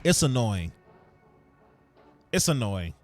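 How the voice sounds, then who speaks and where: A man's voice: medium pitch, big pitch swings, slow pace, over loud music. A man hosting a sports podcast, ranting heatedly in casual slang. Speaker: podcast host.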